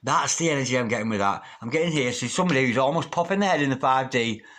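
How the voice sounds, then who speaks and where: A man's voice: medium pitch, animated, racing, fairly bright tone. A man giving a tarot reading, chanting repeated invocations and calling listeners darling. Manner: affectionate, calls listeners darling. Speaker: tarot reader. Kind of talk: tarot card reading to camera.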